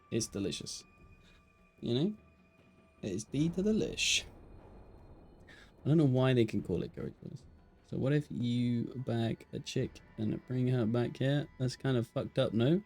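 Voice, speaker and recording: A young man with an English Midlands accent, chatting and joking casually as an esports caster on a live stream. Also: medium pitch.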